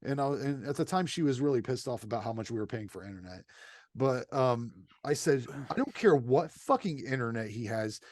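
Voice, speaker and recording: A man's voice: medium pitch, animated, a little fast, a little mellow, dry recording. A man telling stories in casual podcast chat, swearing often and getting heated. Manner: profane, heated storytelling. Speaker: podcast co-host.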